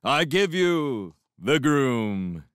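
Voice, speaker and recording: Casting: male reader as a genial older horseman, lively and jovial. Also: medium pitch, moderate pace, clean tone, dry recording, studio quality, close to an everyday voice. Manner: jovial, formal toasting. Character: genial good-humored older horseman leader.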